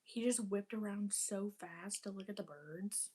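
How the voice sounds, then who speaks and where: A woman's voice: medium pitch, measured pace, mellow, husky. A young woman chatting casually while cleaning her apartment, rambling with lots of fillers and casual swearing. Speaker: vlogger.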